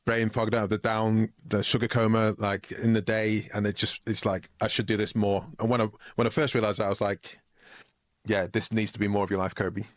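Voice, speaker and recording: A man hosting a podcast, relaxed and casual, with lots of fillers and easy laughs. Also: on the low side, fairly quick, dry recording, clean studio sound. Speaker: podcast host. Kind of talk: casual conversational interview.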